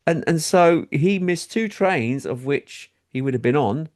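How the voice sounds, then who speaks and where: A middle-aged man from England, telling a story in casual chat as a talk show co-host and doing high voices for quoted people. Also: animated, a little slow, a little mellow.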